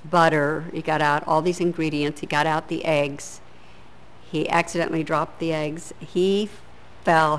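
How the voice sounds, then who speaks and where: Expressive woman telling a set story. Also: low-pitched, rough recording. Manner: expressive, acts out quoted lines. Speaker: actress from a classic sitcom. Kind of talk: interview anecdote.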